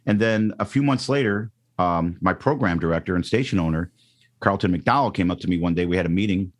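A middle-aged radio DJ from the Chicago area and Northwest Indiana, appearing as a guest in a casual interview, tells a story in a low, slightly quick voice. He acts out quotes as he goes, with plenty of ums and restarts.

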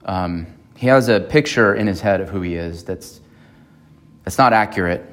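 Low-voiced man preaching conversationally. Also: moderate pace, fairly bright tone. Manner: conversational, checks in with the congregation. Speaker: pastor. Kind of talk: sermon. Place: church.

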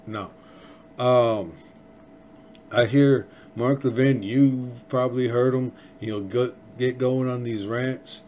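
A man hosts a casual political commentary podcast, rambling and sarcastic and often restarting his sentences. His medium-pitched, slightly mellow voice moves slowly with fairly even intonation, and there's a little hiss or hum.

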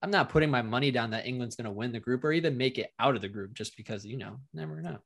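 A man's voice: medium pitch, creaky, fairly bright tone. An easygoing man from the United States chimes in on a casual sports podcast, chuckling as he goes. He speaks in a plain mid-range voice. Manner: easygoing, quick to laugh. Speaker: podcast co-host.

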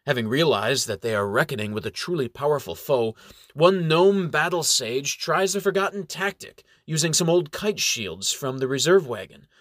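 A man narrating a fantasy battle story in a measured, dramatic way. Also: fairly high pitch, expressive, a bit bright, no room sound, studio quality.

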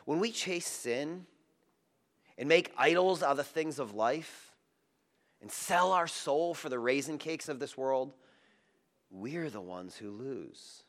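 A man delivers a sermon from the pulpit in a medium-pitched voice. His intonation rises and falls in wide swings. He presses loudly on emphatic phrases, then drops to a near-hush for tender moments. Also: animated, slow pace, long pauses. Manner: dramatic, swinging from loud emphasis to hushed tenderness. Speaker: pastor.

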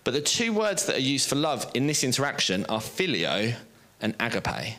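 A man preaching a sermon on a stage before an audience, lively and joking at his own expense. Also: medium pitch, normal speed. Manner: lively, joking, self-deprecating storyteller.

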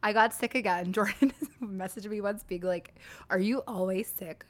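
Husky, sassy young woman podcast host. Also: mid-range voice. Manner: sassy, playful, drawn-out gushing. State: husky from recent illness. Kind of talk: casual chat.

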